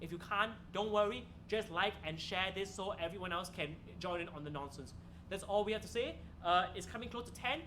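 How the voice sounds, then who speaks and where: A man's voice: high voice, brisk, background noise. A young man hosting a solo comedy livestream from a comedy club, telling joking stories and laughing at his own punchlines. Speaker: stand-up comedian and show host. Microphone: streaming camera mic.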